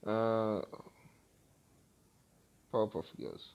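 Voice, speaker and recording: Loud, slow-talking man reacting. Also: on the low side, gravelly. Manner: loud and excitable, swearing. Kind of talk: casual reaction chat.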